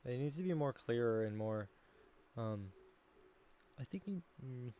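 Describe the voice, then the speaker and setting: A man's voice: medium pitch, lively intonation, measured pace, dark tone, a little hiss or hum. A man chatting casually as a streamer, rambling and thinking aloud while he critiques his own voice work. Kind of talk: casual chat.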